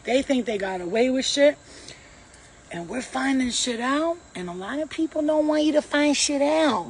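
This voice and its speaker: A woman's voice: high-pitched, animated, normal speed, slightly rough. A woman on a casual livestream, talking bluntly with lots of swearing and street slang as a spiritual reader.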